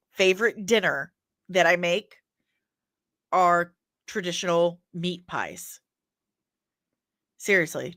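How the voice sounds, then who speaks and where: A woman's voice: fairly low pitch, a bit bright, dry recording, clean studio sound. A woman hosting a pop culture news show in a casual, chatty way, reading viewer comments aloud and rambling into personal asides.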